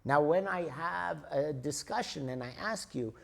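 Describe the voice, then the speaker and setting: A man's voice: a little high, measured pace, vocal fry, a bit bright. A man in his sixties giving a spiritual lecture, telling stories in a conversational way to explain his points. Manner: storytelling, conversational, explains with examples.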